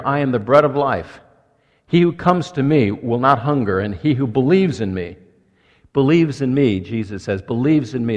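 A male pastor delivers a sermon, reading scripture and unpacking it in an earnest, emphatic manner with deliberate pauses. His voice sits at an ordinary pitch for a man. A long reverb trails his words through the church hall.

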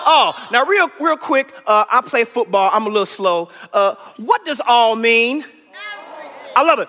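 A man's voice: very high voice, animated, moderate pace, bright, forceful tone. A man preaching a Bible lesson in a church, eagerly coaxing the congregation to call out answers. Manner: enthusiastic, coaxing the room to answer aloud. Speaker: preacher teaching a Bible class. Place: church hall. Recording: echoey church hall.

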